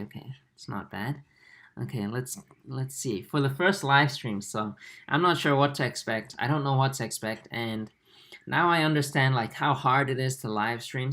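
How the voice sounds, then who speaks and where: A man in his twenties hosting a livestream, reading viewer comments aloud in a soft, halting way with many fillers. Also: mid-range voice. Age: 20s. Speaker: aquarium channel host.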